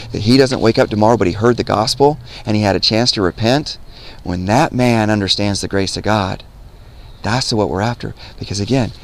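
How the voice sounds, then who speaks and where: Outdoors by a road, a street preacher earnestly addresses young people, repeating himself, quoting scripture, and asking "right?". His voice is fairly low with vocal fry, and there's a little hiss or hum.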